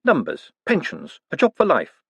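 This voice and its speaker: Guy reading as a cold menacing lord, slow and precise, dry close sound. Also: fairly high pitch, huge pitch swings, a bit bright, slightly rough, no echo, pitched above the performer's own voice, full character voice. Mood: cool menace. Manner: slow, measured, precise and icy. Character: cold, dry, menacing aristocratic male tyrant.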